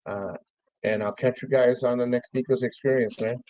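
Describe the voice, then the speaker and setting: A man's voice: medium pitch, steady tone, normal speed. A man hosting his own stream, talking casually about a lost friend, swearing freely and thanking listeners by name. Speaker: podcast host. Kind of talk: casual memorial monologue. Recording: dull, dry, lo-fi stream audio.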